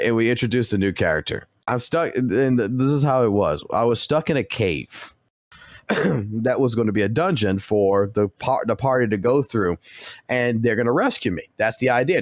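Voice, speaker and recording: A man's voice: medium pitch, dry recording, studio quality. A male streamer casually rambling through a story with constant swearing and restarts.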